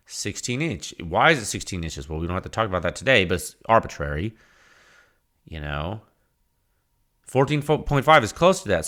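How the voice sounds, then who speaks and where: A man hosting a podcast alone, rambling through a technical point in a loose, conversational way. His pitch rises and falls a lot as he talks, and he often trips over and repeats his words. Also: fairly bright tone. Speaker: podcast host. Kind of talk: solo podcast talk.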